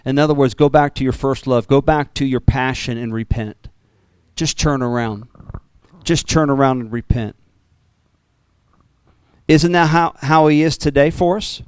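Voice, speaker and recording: Male pastor, animated sermon delivery, smooth voice, middle pitch, dry room. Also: measured pace, pauses often, no echo. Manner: animated preaching with jumps in pitch and repeated words.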